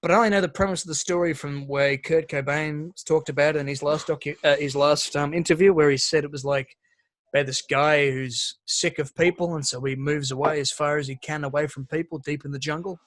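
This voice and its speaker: A fairly high-pitched man chatting on a podcast, and he swears a lot as he tells a story. His delivery stays lively and casual throughout. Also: a little fast. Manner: swears freely, animated storytelling. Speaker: podcast co-host. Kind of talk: casual chat.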